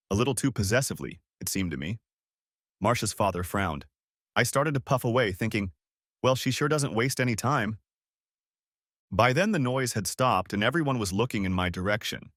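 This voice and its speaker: A male storyteller reads a first-person revenge tale in a wry manner. His delivery is lively and moves a lot in pitch. It is recorded dry and close, in the way of a home studio. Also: no room sound. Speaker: narrator.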